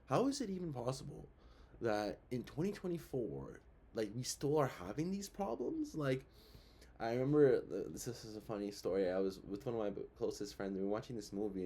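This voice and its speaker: Husky-voiced young man rambling commentary. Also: medium pitch, dark tone. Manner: rambling, filler-heavy, rhetorical questions. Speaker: show host. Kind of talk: casual commentary.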